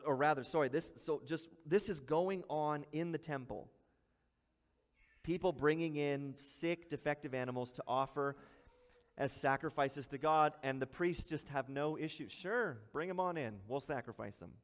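A man's voice: fairly high pitch, normal speed, big-room sound. A male pastor preaching a sermon in a conversational way, acting out short asides.

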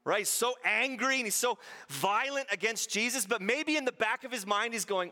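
A male pastor preaches with animated energy, slipping into the voices of the people he quotes. His voice sits high and sounds bright and forceful. A long hall reverb trails each phrase. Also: moderate pace. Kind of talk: sermon.

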